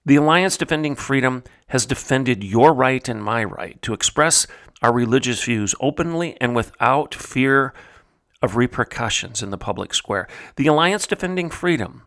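A man from Oklahoma delivers a commentary monologue in a plain, mid-pitched voice. He builds emphasis by repeating phrases, rising in pitch as he presses a point. Then he sinks low and hushed to show disdain. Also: lively intonation, moderate pace, gravelly. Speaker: podcast host.

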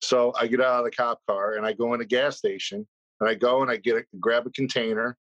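A man's voice: mid-range voice, flat delivery, a little fast, a bit bright, no room sound, lo-fi sound. A man in casual podcast chat, telling a rambling, swear-laden anecdote.

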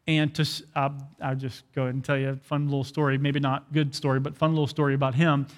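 A young adult man preaching a sermon as a pastor, telling an animated story and acting out quoted dialogue. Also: medium pitch, fast, long reverb tail.

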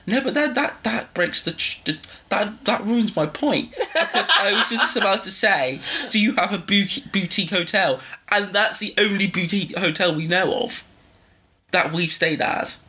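A man's voice: high voice, normal speed, sharp tone. A man co-hosting a podcast, talking in rambling, self-interrupting casual chat. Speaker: podcast co-host.

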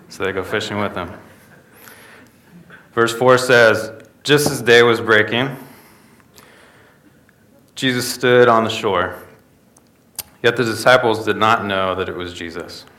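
A man's voice: lowish voice, normal speed, pauses often, pushed and bright. A young man preaching a sermon in a conversational way, often tossing in rhetorical asides to the listeners. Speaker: pastor.

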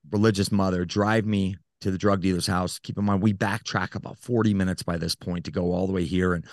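A man who is a podcast guest, telling a personal story in an earnest, halting way with many fillers. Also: sits low, dry recording, studio quality.

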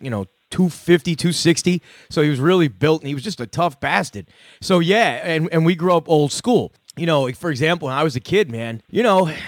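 A man in his fifties hosts a call-in podcast, trading profane, gruff banter with callers. His voice sits fairly high for a man and sounds dry and close to the mic. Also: no echo. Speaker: podcast host. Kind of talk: casual call-in chat.

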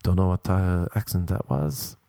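Irish man, 30s, podcast host, casual comic advice, rambling and jokey, mellow tone, dry close sound. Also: low-pitched, monotone, normal speed, clean tone, dry recording. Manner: rambling, jokey, riffs in silly voices. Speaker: podcast host and stand-up comedian.

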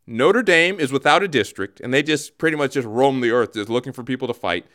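A man hosting a comedic radio show, explaining things in a mock-solemn, deadpan way. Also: medium pitch, a little fast, hardly any pauses.

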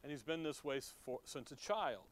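A man's voice: medium pitch, expressive, fairly quick. A middle-aged man teaching from the Bible in a conversational way, reading verses aloud and asking his listeners questions. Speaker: preacher.

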